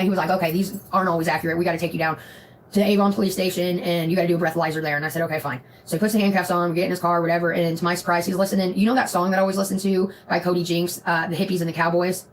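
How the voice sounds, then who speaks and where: A woman's voice: on the low side, rapid-fire, slight background noise, poor audio. A woman on a live stream telling a rambling, profane story in casual chat. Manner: profane, rambling, animated retelling.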